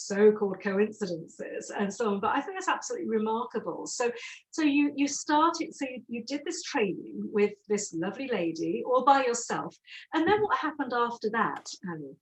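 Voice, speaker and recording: A woman's voice: on the high side, lively intonation, moderate pace, low-quality recording. A woman hosting an interview on a video call, effusive and encouraging, with many fillers. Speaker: interview host.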